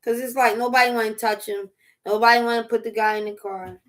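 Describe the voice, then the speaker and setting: A woman chatting casually over dinner as a vlog host, animated, laughing often and riffing through asides. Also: fairly high pitch, fast. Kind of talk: casual chat while eating dinner.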